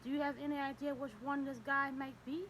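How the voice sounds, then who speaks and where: A woman's voice: high voice, level tone, fairly quick, fairly bright tone, a little hiss or hum, rough recording. A woman reading the lines of a male homicide detective who questions politely and persistently in an audiobook. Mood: steady.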